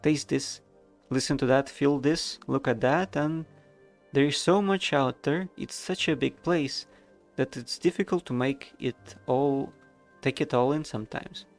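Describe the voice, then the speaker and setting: A man's voice: mid-range voice, unhurried, soft background music, natural voice. A man reading aloud as a sweet, timid, perky young woman in a game, chirpy and apologetic.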